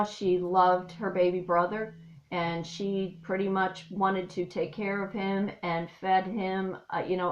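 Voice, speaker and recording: A woman's voice: on the low side, fairly bright tone, reverberant, lo-fi sound. A woman from Missouri, an artist and life coach, talking in a heartfelt, rambling way with many fillers, choked up at times. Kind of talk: personal vlog monologue. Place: her home.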